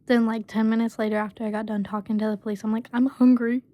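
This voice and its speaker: With a completely flat delivery and a mellow, medium-pitched voice, a woman vlogger tells a personal story in a dry recording. She speaks haltingly and casually, relying heavily on fillers like "basically" and "um".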